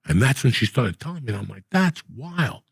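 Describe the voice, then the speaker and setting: A gravelly older New man hosts a podcast, ranting through casual stories in a profane, rambling, animated way. His voice is lowish and he races along. The recording is dry.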